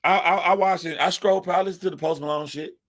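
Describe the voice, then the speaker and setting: A man's voice: high voice, fairly even intonation, fast talker, fairly bright tone. A young man from the United States giving profane, emphatic commentary, repeating his points as he rants. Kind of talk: ranting commentary.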